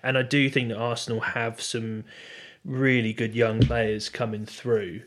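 A man's voice: mid-range voice, level tone, measured pace, a bit bright. A man co-hosting a casual football podcast, hesitant, with many restarts, laughing easily. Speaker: podcast co-host.

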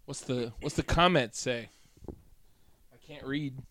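A man's voice: medium pitch, slow, fairly bright tone, slight background noise. A man co-hosting a casual beer-tasting podcast, bantering in a goofy, playful way. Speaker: podcast co-host.

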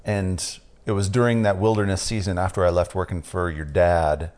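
A man hosting a podcast, asking questions calmly in casual interview chat. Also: low-pitched, moderate pace. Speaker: podcast host.

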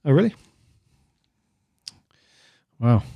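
A man's voice: very slow, no room sound, highs cut off. A man hosting a casual podcast, chatty and jokey with plenty of slang. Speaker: podcast host.

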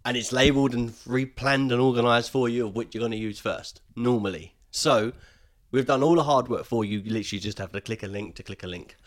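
A man's voice: medium pitch, fairly quick, few pauses. A man co-hosting a podcast in a casual chat, rambling with many ums and restarts. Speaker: podcast co-host.

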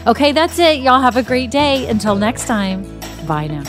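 A woman hosting a podcast as a business coach, giving an energetic, emphatic pep talk directly to her listeners. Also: on the high side, moderate pace, over music. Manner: addresses listeners directly with "y'all" and "okay?". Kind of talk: motivational solo podcast talk.

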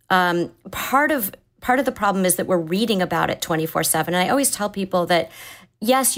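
A woman in her forties, a therapist, calmly explaining advice in conversation, often restarting her sentences as she thinks. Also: fairly low pitch. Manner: calm, thoughtful, explanatory with frequent restarts. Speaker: therapist guest.

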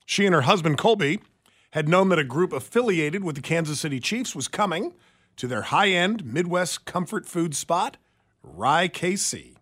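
A man's voice: fairly high pitch, expressive, moderate pace, a bit bright, slightly rough. A man co-hosting a talk radio show, chatting casually and opinionatedly, often stumbling over restarts.

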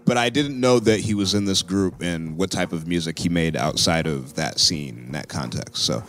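A man's voice: low-pitched, moderate pace, fairly bright tone. A man co-hosting a podcast in casual, loose and profane chat. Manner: laid-back, loose and profane. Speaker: podcast co-host.

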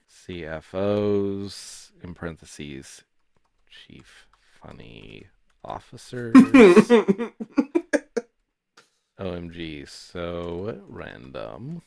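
A young man co-hosting a comedy podcast, talking in a casual, deadpan, drawn-out way. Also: sits low, smooth, no echo. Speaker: podcast co-host.

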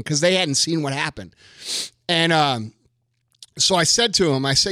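A young man telling a story and ranting to his listeners, heated and profane, building into a forceful lesson. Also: a little high, lively intonation, moderate pace, pauses often, no room sound. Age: young adult.

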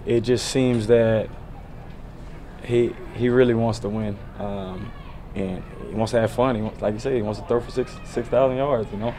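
A man in his thirties, a pro football player, answering reporters at a press conference in a loose, relaxed way, full of "you know" fillers. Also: medium pitch, normal speed, slight background noise.

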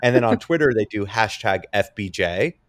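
Low-voiced man, gossipy podcast chat. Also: lively intonation, moderate pace, no room sound, studio quality. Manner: gossipy, quotes people in mocking voices. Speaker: podcast co-host. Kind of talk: casual chat.

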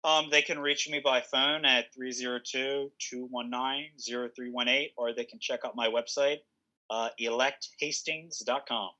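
A man's voice: medium pitch, fairly even intonation, normal speed, bright, forceful tone, lo-fi sound. A young man, a political candidate, telling stories in a casual podcast interview with many fillers and restarts. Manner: rambling storyteller, frequent restarts and fillers, laughs often.

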